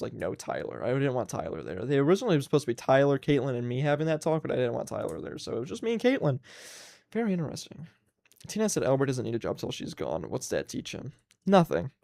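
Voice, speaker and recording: A young man ranting on his own livestream, swearing freely as he vents. His pitch leaps up and down a lot, and the sound is dry and close. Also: gravelly, no room sound. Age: 20s. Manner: profane, ranting, animated. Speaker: livestream host. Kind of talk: casual solo livestream rant.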